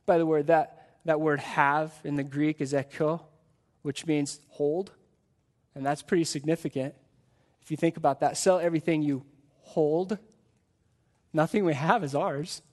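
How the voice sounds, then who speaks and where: Brief: male pastor, high voice, earnest sermon delivery, keeps asking the room questions. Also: fairly even intonation, a little slow, pauses often, a little mellow. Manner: earnest, repeats rhetorical questions to the congregation. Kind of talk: live sermon. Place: church in front of a congregation.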